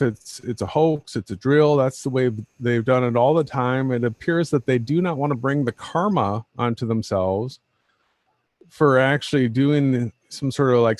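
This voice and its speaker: A man's voice: mid-range voice, dry recording. A man on a livestream talks bluntly and combatively, often circling back to the same point. His voice sits mid-range and sounds close and dry, with no room around it. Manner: combative, blunt, repeats himself. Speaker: co-host. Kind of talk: casual livestream talk.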